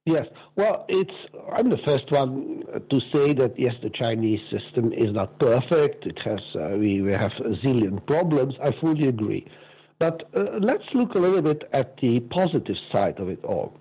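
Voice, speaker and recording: Interview guest: older man, lively delivery with big pitch swings, slightly husky. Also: normal speed, poor audio. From Belgium. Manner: lively, acts out quoted voices, laughs often. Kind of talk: animated anecdotal storytelling.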